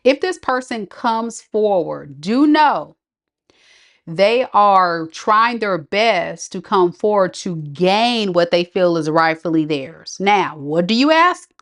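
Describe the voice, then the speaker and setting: A woman's voice: mid-range voice, lively intonation, takes it slowly. A woman giving a live tarot reading, chatty and slangy, laughing often and talking straight to her viewers. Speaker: tarot reader.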